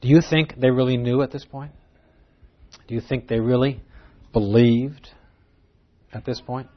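An earnest man gives an expository Bible lesson, leaning on key words and putting rhetorical questions to his audience. His voice sits at an ordinary middle pitch. The recording is dull and lo-fi, with the top end rolled off. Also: fairly even intonation, measured pace. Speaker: Bible teacher.

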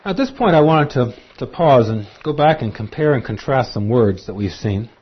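A man preaching a sermon in an animated, emphatic way. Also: medium pitch, moderate pace, husky. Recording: dull lo-fi recording.

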